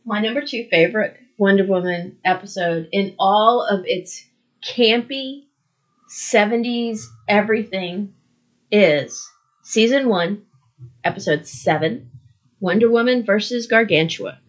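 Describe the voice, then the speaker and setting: A woman's voice: mid-range voice, unhurried. A woman co-hosting a podcast, chatting casually and retelling a show with frequent laughter. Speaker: podcast co-host. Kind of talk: casual chat.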